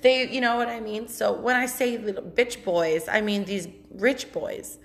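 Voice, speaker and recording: A woman's voice: medium pitch, steady tone, unhurried. A woman with a mid-range voice talks casually through a podcast story, blunt and profane. She keeps a chatty, candid rhythm and laughs often. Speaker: podcast host.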